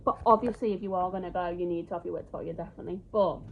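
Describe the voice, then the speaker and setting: A woman's voice: lowish voice, steady tone, rapid-fire, creaky. A woman chatting casually about her travels, open and emotional. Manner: chatty, emotional, tearful at times. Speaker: travel vlogger. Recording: dull lo-fi sound, faint noise.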